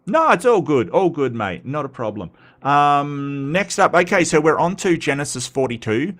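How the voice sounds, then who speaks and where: A man's voice: fairly high pitch, very animated, moderate pace, a bit bright. A man with an Australian accent hosting a live stream, chatting casually and reading chat comments, rambling with frequent stutters and restarts.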